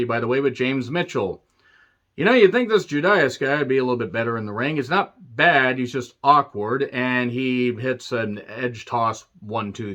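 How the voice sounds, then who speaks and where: A man's voice: medium pitch, fairly bright tone. A man talks through a wrestling show in a loose, rambling review. His tone is sarcastic, and he swears freely. The recording sounds a little dull and lo-fi. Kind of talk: casual solo review.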